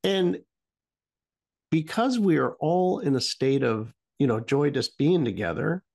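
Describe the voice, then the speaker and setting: A man's voice: a little high, animated, a little slow, creaky, a little mellow. A middle-aged man co-hosting a talk podcast, telling a story casually and rambling, trailing off often. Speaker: podcast co-host.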